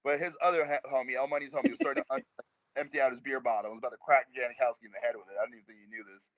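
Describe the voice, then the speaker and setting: A man's voice: mid-range voice, steady tone, very fast, a bit bright, dry recording, dull audio. A man, a rapper guest, telling a rambling, slangy story in a casual interview over a video call.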